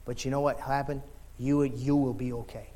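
A middle-aged man preaching a sermon in folksy, informal words, moving from quiet talk to impassioned shouting. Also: medium pitch, flat delivery, moderate pace.

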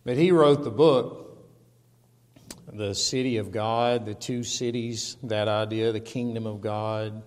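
A man preaching a sermon and reading scripture aloud, slow and emphatic. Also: fairly low pitch, fairly even intonation, darkish tone. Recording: long reverb of a large hall.

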